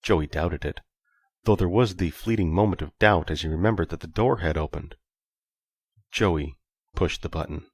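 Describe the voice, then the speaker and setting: A man narrating an audiobook in a steady, even storytelling manner. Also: sits low, normal speed, long pauses, husky. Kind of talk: scripted narration.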